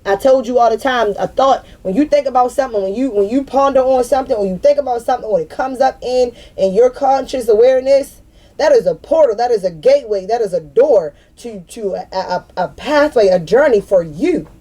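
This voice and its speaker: A woman's voice: on the high side, lively intonation, fairly quick, warm tone. A woman in her thirties venting to camera in a spiritual vlog, blunt and profane, and she repeats herself for emphasis. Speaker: spiritual vlogger. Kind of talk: unscripted venting monologue.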